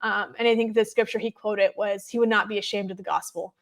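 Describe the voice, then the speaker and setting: A woman in her thirties, a podcast guest, telling her story in an animated way and acting out her children's words. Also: medium pitch, fairly quick. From United States. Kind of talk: personal testimony in a podcast interview.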